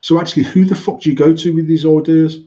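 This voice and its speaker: A man's voice: a little high, steady tone, quick pace, mellow, dull audio. A man in his forties from England, a company director co-hosting a podcast, talking bluntly with lots of swearing and restarts. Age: 40s. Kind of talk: casual chat.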